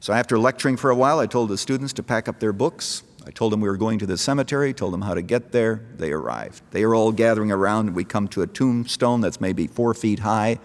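A man's voice: fairly low pitch, animated, fast talker, hardly any pauses. Middle-aged preacher guy telling a story then getting fired up, voice swings up and down a lot, big hall echo. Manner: storytelling preacher, rising to emphatic calls. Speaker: pastor. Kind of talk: sermon. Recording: long echo of a large hall.

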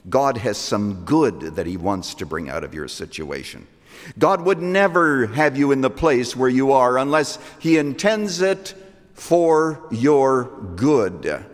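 A man delivers a sermon at a slow, deliberate pace, his voice swinging widely in pitch. He rises to loud, emphatic peaks and falls to hushed lines. A long reverb trails each phrase, as in a large hall. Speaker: preacher.

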